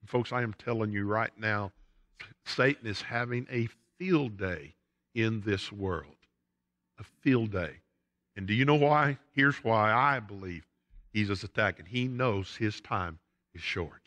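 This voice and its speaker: Emphatic Southern pastor in a reverberant church. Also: male voice, fairly low pitch, a little slow, fairly bright tone. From United States. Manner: emphatic preaching with rising and falling intensity. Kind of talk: sermon. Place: church sanctuary. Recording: long church hall reverb.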